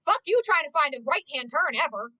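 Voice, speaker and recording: A woman's voice: sits high, sing-song, brisk, bright, forceful tone, dry recording, low-quality recording. A woman streamer chatting casually, ranting with lots of swearing and exasperation.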